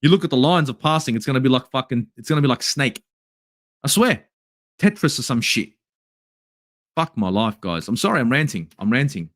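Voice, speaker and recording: A man's voice: medium pitch, expressive, brisk, pauses often, fairly bright tone, dry recording, clean studio sound. An Australian man hosting a football channel, angrily ranting through a match review with plenty of swearing. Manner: angry, swearing, exasperated ranting. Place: home in Sydney at night.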